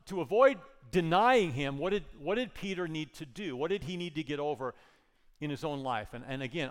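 An earnest man preaching, his voice sitting a touch high for a man. He retells the scripture story and then drives his points home with repeated phrases. His words ring out in a long, echoing hall. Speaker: pastor. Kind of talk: sermon.

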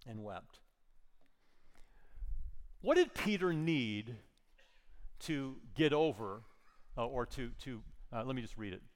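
Earnest male preacher in a reverberant hall. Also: on the high side. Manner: earnest, repeats words, rises to emphatic points. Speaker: pastor. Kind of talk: sermon.

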